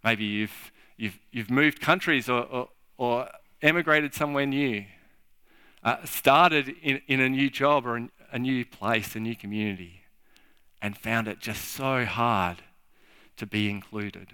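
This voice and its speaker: Bright, crisp-voiced male preacher. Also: medium pitch, dry recording. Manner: halting, repeats words, acts out little scenes. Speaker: pastor. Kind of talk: sermon. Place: church.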